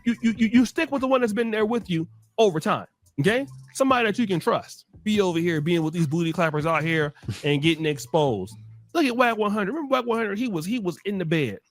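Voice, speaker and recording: A man hosting a commentary show, talking emphatically and repeating words when he gets worked up. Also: high-pitched. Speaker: show host. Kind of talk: animated casual commentary.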